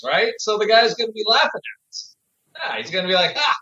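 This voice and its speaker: High-voiced laughing male co-host, echoey. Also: expressive, fairly quick, bright, forceful tone, lo-fi sound. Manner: rambling, laughs through his words. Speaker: podcast co-host. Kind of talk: casual podcast chat.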